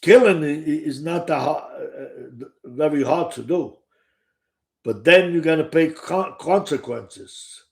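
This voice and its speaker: A gravelly, fairly high male voice, unhurried, tells stories to the camera with a Sicilian Italian accent. The speaker is an older Sicilian author and storyteller who rambles casually through first-person anecdotes, restarting often and swearing freely.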